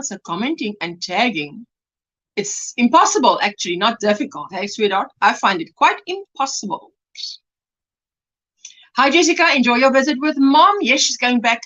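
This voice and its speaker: A woman's voice: high-pitched, pushed and bright, lo-fi sound. A woman from South Africa hosting a casual crochet livestream, greeting viewers by name and reading out chat comments.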